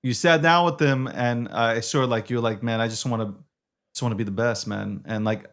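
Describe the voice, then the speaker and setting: A man with a medium voice hosts a live streamed talk show. He speaks in a casual, relaxed way and drops a curse here and there. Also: mid-range voice, moderate pace. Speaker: host.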